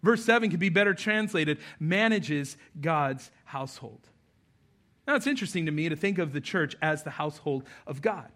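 A male pastor preaching a sermon in a conversational, animated, self-deprecating way. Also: on the high side, quick pace, hardly any pauses.

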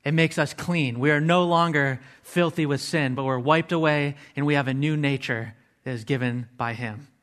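A man with a somewhat higher-than-usual voice preaches a sermon. He talks earnestly and walks through the meanings of words one at a time. He drops casual asides to his listeners as he goes. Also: moderate pace, few pauses, fairly bright tone. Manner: earnest, explains word meanings step by step.

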